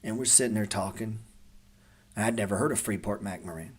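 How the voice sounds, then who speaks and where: A man's voice: on the low side, a little fast, breathy edge. A man in his forties hosting a trading show, talking casually to viewers and telling stories in a laid-back, swearing manner.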